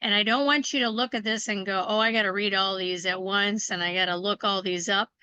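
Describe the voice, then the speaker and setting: A woman's voice: medium pitch, steady tone, sharp tone, clear, resonant tone, dry recording, rough recording. Woman, course co-teacher, reads covenant clauses aloud, encouraging, dry voice. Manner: slow, deliberate, encouraging. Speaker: ministry co-teacher.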